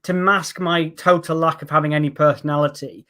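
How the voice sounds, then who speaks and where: Young male comedian, slightly high voice, dry self-mocking delivery, casual podcast chat. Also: steady tone, a little fast, sharp tone. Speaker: comedian guest. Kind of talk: casual chat with comic bits.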